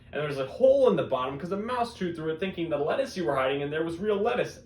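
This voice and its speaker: A young man hosting a disc golf news show in a deadpan comedic style, with sudden loud bursts. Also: fairly high pitch, vocal fry. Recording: echoey room with faint background noise.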